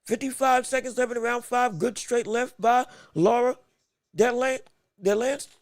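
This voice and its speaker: A man calling a fight blow by blow on his own livestream, excited and repetitive, restarting his phrases, with the hiccups and eating as he talks. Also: very high voice, a little slow, creaky, dry recording, clean studio sound. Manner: repeats himself, restarts phrases, eats and talks at once. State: has the hiccups. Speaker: podcast host giving live fight commentary.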